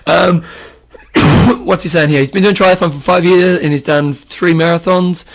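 A man co-hosting a casual podcast, relaxed and chatty with plenty of fillers as he reads out listener questions. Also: high voice, normal speed.

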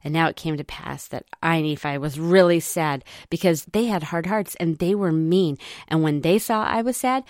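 A woman retelling scripture stories for children in an animated way, often asking her listeners questions. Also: low voice, moderate pace, hardly any pauses, dry recording, clean studio sound. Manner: lively, asks listeners questions.

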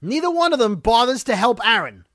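A man hosting a casual chat that recaps a TV episode, talking fast and ranting about plot holes. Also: very high-pitched, sing-song, fairly bright tone, no echo, clean studio sound. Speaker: podcast host recapping a TV episode.

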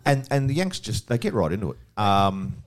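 An Australian man hosting a radio chat, telling stories in a casual, animated way. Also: on the low side, moderate pace. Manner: storytelling, animated, breaks into sung lines. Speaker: radio host.

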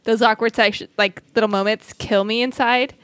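A woman's voice: a little high, fairly even intonation, moderate pace, a bit bright, no echo. A woman co-hosting a podcast in casual chat, rambling and giggling as she tells stories. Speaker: podcast co-host.

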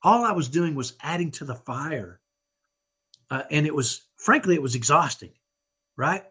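A man's voice: fairly high pitch, lively intonation, moderate pace, fairly bright tone, husky. A middle-aged man giving an earnest, motivational parenting talk as a podcast guest, often checking in with "right?". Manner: earnest, tags points with "right?".

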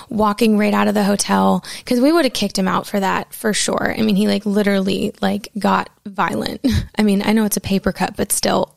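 A woman's voice: mid-range voice, vocal fry, dry recording, studio quality. A woman singer-songwriter casually telling stories in a chatty way, with lots of fillers. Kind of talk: casual storytelling.

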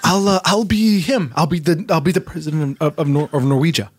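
A man's voice: a little high, a little fast, husky. A man playing a flustered intelligence agent who stammers and swears in an improv comedy scene. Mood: panicked. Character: panicking male foreign intelligence agent.

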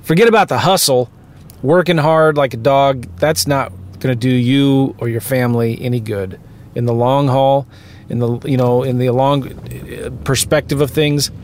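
A man's voice: medium pitch, fairly even intonation, normal speed, a little hiss or hum. A man giving a rambling, emphatic motivational talk to his viewers, with vehicle sound behind him. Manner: rambling, self-interrupting, emphatic. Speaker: real estate investing vlogger. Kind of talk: casual motivational talk to camera.

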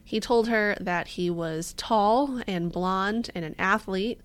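A woman's voice: mid-range voice, slow pace, clear, resonant tone. A woman co-hosting a podcast, telling a true-crime story in casual chat, swearing freely and acting out the people she quotes. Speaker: podcast co-host.

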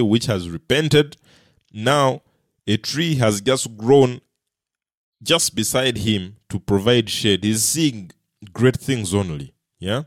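Guy preaching a sermon, kinda low voice, earnest, gets loud then drops real quiet, dry sound. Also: no echo. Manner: earnest, rises and falls in loudness for emphasis; repeats words and restarts while speaking.

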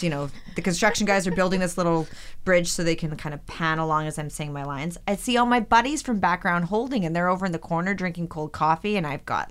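Low-voiced woman telling lively stories. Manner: animated anecdotes, acts out quoted voices. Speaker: actress, podcast guest. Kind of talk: casual storytelling interview.

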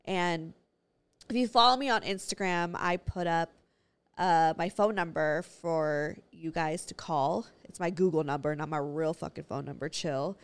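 A woman's voice: deep voice, unhurried, clear, resonant tone. A woman hosting her own podcast in a brash, bubbly, profane casual chat. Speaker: podcast host.

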